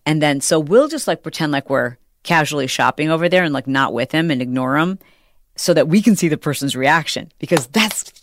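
A middle-aged woman hosting a podcast, telling a story in an animated, chatty way and acting out the people she quotes. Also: deep voice, brisk, no room sound, studio quality. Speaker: podcast host. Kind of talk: casual chat.

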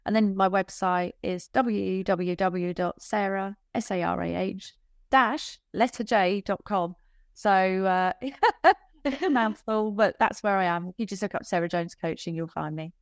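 A woman speaking as a business coach in a casual podcast interview, chatty and quick to laugh, with self-deprecating asides. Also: medium pitch, no echo, studio quality.

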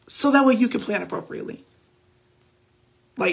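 A woman's voice: fairly high pitch, animated, moderate pace, creaky, breathy edge. A woman hosting a faith podcast, giving casual Bible teaching on a phone livestream in a chatty, preachy way with loose slang.

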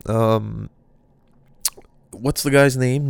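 A man's voice: medium pitch, moderate pace, clean tone, no echo. Male podcast host, casual solo monologue, loose and rambling, mid-range voice, clean. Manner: rambling, off-the-cuff musing.

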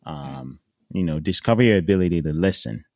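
Very deep-voiced, reflective man. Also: lively intonation, a little fast, no room sound, studio quality. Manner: reflective, many ums, trailing off softly. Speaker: podcast co-host. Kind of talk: reflective podcast conversation.

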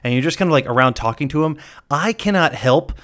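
A man's voice: a little high, lively intonation, fast talker, a bit bright. A man hosting a podcast, chatting casually and jokingly, often laughing and rambling. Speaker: podcast host.

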